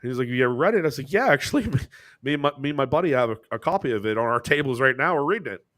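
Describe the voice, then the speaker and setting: An American man co-hosting a podcast, telling a story in casual chat with swearing and quick jumps in pitch when he quotes people. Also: animated, a bit bright. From United States. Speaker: podcast co-host.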